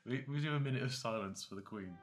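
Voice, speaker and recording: A man's voice: mid-range voice, fast, faint music behind. A young man with a dry, teasing manner in a casual chat. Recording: noisy background with clicks.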